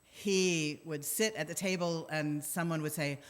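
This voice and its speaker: A woman's voice: low voice, measured pace. A middle-aged woman minister telling wry, self-deprecating stories in a conversational sermon, acting out the quotes. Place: church sanctuary. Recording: long church hall reverb.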